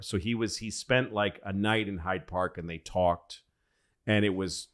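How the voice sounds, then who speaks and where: A man hosting a comedy podcast, telling stories in a rambling, animated, profane way. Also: deep voice, a little slow. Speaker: podcast host. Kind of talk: casual comedy podcast storytelling. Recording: noisy podcast recording.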